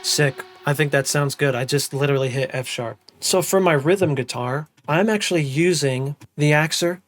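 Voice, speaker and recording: A man's voice: on the high side, normal speed. Laid-back man teaching music production. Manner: relaxed, hums and sings drum parts aloud. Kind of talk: casual screen-recorded tutorial.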